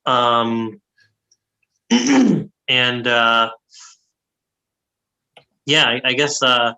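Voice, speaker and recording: A man's voice: mid-range voice, very animated, extremely slow, creaky, pushed and bright, rough recording. A man co-hosting a casual sports history podcast, full of fillers and laughing at his own pronunciation. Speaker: podcast co-host.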